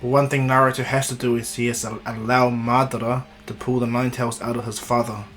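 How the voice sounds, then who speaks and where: A man tells an improvised fan story in a relaxed, rambling manner, with a middle-pitched voice. Quiet guitar music plays underneath. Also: brisk, poor audio. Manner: casual, rambling, with fillers and restarts.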